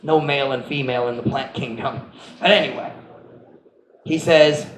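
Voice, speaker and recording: A man's voice: mid-range voice, normal speed, reverberant, a little hiss or hum, rough recording. A man preaching as a pastor, telling a playful children's story and switching between English and Cebuano. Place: church hall.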